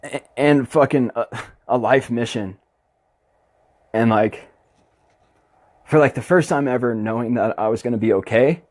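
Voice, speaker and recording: A man's voice: mid-range voice, unhurried, long pauses, a little mellow, no room sound, studio quality. A young man hosting his own podcast, ranting bluntly and passionately with constant swearing in a casual monologue. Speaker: podcast host.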